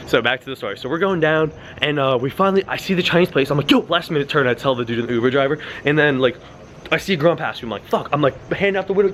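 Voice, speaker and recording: Excitable young man telling a story. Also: a little hiss or hum. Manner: excitable, swears often, acts out quotes in a high yelling voice. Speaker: vlogger. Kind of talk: casual storytelling vlog.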